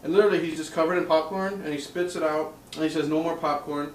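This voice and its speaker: A man's voice: a little high, fairly even intonation, very fast, roomy sound, far from the mic, slight background noise, rough recording. A man chatting casually while reviewing a movie, laughing often as he recaps scenes. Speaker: co-host.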